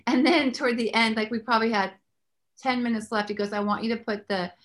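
A woman hosting a faith talk show, telling stories in an animated way and praying aloud. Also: fairly high pitch, quick pace. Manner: animated storyteller, prays aloud. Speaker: host.

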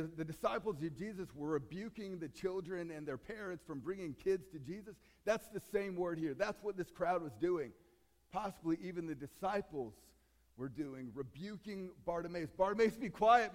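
A male pastor giving a conversational sermon and now and then acting out the voices in the story. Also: on the high side. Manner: conversational preaching, acts out voices. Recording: long hall reverb.

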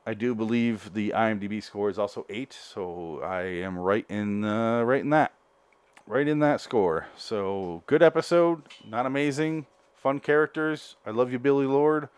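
A man hosts a solo podcast, reviewing an episode in a rambling, joking manner, constantly correcting himself, and sounds out of breath. His voice is on the low side, smooth and measured in pace, in a dry recording.

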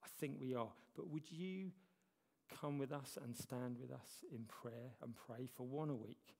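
Speaking a little slowly, the man has a creaky, mid-range voice with a darkish tone. He is a church elder preaching conversationally with self-deprecating humor, recorded amid the long reverb of a church hall.

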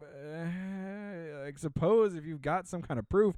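A man's voice: a little high, takes it slowly, a little mellow, clear, resonant tone, no echo. A man on a podcast, chatting casually in a sarcastic rant, full of fillers and restarts. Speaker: podcast co-host. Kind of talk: casual ranting chat.

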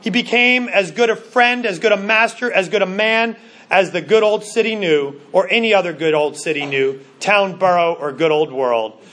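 A man preaching a sermon in an earnest way, slowing down for emphasis and often restarting his words. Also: high voice, fairly bright tone. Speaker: pastor.

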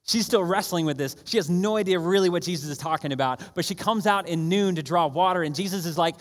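A man preaching a sermon in a church auditorium, energetic and conversational, often asking the room if they are ready. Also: a little high, fast talker. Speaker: pastor. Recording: long church hall reverb.

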